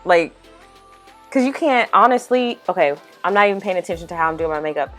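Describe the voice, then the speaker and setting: A young woman talks through her makeup in an easy, animated voice-over. Her voice sits a little low, and she drops "y'all" and "like" throughout. Soft music plays faintly under her. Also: brisk. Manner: chatty, animated, says "y'all" and "like" a lot. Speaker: makeup vlogger. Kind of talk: casual voice-over chat.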